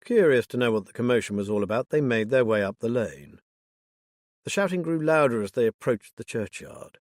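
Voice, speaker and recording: Casting: male audiobook narrator, mid-pitched, steady and measured, dry close-mic sound. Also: no room sound. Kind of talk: scripted narration.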